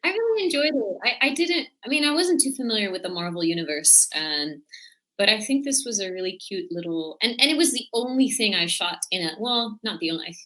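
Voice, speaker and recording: An actress answering fan questions in casual chat, telling stories with lots of soft fillers. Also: female voice, medium pitch, animated, brisk. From Netherlands. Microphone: computer or phone mic on a video stream.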